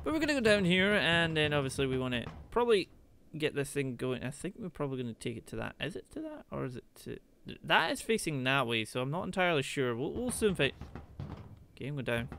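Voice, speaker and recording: Young male gamer, lively, swooping delivery, chatty let's-play commentary that breaks into sudden exclamations. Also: on the high side, quick pace, creaky, slight background noise. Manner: chatty, thinking aloud, exclaiming at mishaps. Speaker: gaming video host. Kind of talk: gameplay commentary.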